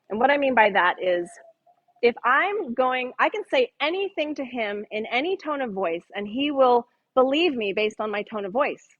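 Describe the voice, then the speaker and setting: This middle-aged woman, whose voice sits a little high, teaches a women's Bible study with a chatty, joking manner toward the group. She performs the voices in her quotes, and the audio sounds like a phone.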